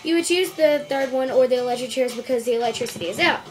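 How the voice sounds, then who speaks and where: A woman reading out a string of jokes for a home video, stumbling over words, restarting and clearing her throat. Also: high-pitched, fast, over music. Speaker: joke-telling video maker.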